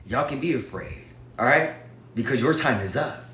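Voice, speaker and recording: A man's voice: medium pitch, animated, moderate pace, fairly bright tone, roomy sound. A man vlogging to his viewers in a casual, emphatic, preachy way, often calling out to them as y'all. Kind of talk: casual direct-to-camera talk.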